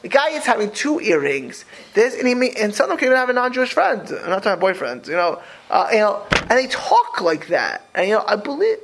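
A man's voice: sits high, very animated, fairly quick, few pauses, a bit bright, slight background noise. A man giving an informal religious talk to a small group. He rambles with many restarts and mixes Hebrew and Yiddish terms into his speech. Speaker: religious teacher.

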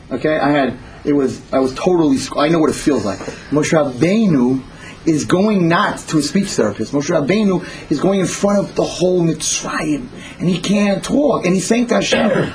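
A man in his fifties giving an animated Torah class, swinging between loud exclamations and hushed pleading. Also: on the high side, fast, a little hiss or hum, poor audio. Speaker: Torah teacher.

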